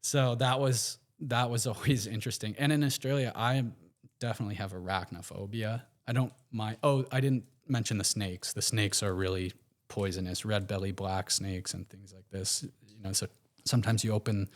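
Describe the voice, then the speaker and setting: An American man, a podcast guest, telling stories in a relaxed, rambling way with plenty of fillers and restarts. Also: lowish voice, moderate pace. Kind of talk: casual interview storytelling.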